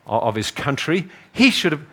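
Liverpudlian male preacher with a high voice, lively and theatrical in the pulpit. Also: moderate pace. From northern England. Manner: animated, acts out voices, rises to emphatic peaks. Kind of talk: sermon.

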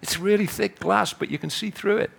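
A man's voice: high voice, a little fast, vocal fry, slightly rough. A man with a Liverpool accent preaching a sermon, acting out the people in his stories and building to emphatic peaks. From northern England. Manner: animated, acts out voices, rises to emphatic peaks.

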